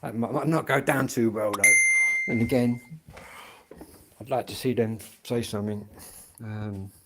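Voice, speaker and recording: A man's voice: fairly low pitch, steady tone, measured pace, background noise. A middle-aged man from England, rambling bluntly in a casual livestream chat and swearing freely.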